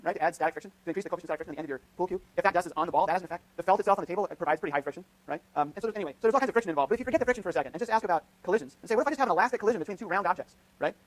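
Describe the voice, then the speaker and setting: A man lecturing on physics in a lecture hall, thinking aloud with frequent restarts and "right?" checks as he runs a live demonstration. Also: sits high. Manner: thinks aloud, many restarts and tag questions. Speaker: physics professor.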